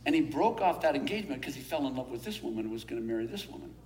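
A man pastor giving a sermon in a church hall, telling a story with frequent chuckles and then praying slowly and earnestly. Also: mid-range voice, big pitch swings, a little mellow, a little hiss or hum.

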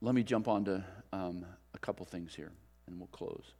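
A middle-aged man preaching a sermon as a pastor, telling a story in a relaxed, conversational way. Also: sits low, moderate pace. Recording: long reverb of a large hall.

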